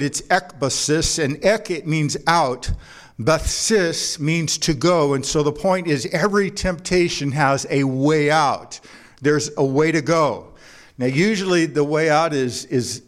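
A man preaching a sermon to a congregation, mixing scripture with jokes and anecdotes in a conversational way. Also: fairly high pitch. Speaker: pastor. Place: church before a congregation.

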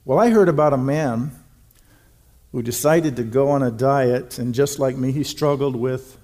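A middle-aged man preaching a sermon in an earnest, emphatic way, slowing to stress key words. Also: medium pitch, dark tone. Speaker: pastor.

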